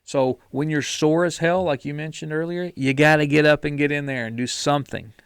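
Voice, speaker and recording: A man's voice: fairly high pitch, fairly even intonation, brisk, clear, resonant tone, no echo, clean studio sound. A man co-hosting a podcast, talking bluntly and casually about discipline and sticking to a plan, sometimes restarting his words. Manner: blunt, mildly profane, repeats words when restarting. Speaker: podcast co-host. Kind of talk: casual motivational chat.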